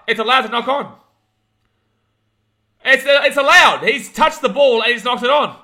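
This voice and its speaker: A young Australian man hosting a live watch-along of a rugby league match, calling the play, reading chat and ranting, shouting at big moments. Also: very high-pitched, moderate pace, pauses often. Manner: excitable, rants, shouts at big plays.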